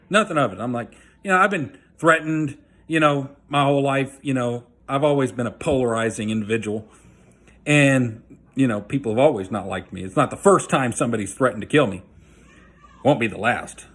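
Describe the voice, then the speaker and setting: A man's voice: medium pitch, a bit bright, slightly rough. Guy telling his own story, blunt and folksy, average voice, lots of "you know". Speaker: vlogger telling a personal story. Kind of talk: casual storytelling monologue.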